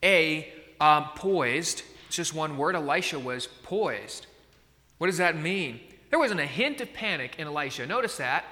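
A man's voice: a little high, expressive, unhurried, bright, forceful tone, long reverb tail. A man preaching a sermon in a conversational way, often checking in with his listeners. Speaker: pastor.

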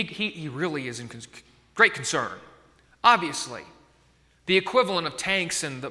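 Bright-voiced preacher man in a reverberant hall. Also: a little high. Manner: conversational, keeps checking in with the listeners. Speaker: pastor. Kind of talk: sermon.

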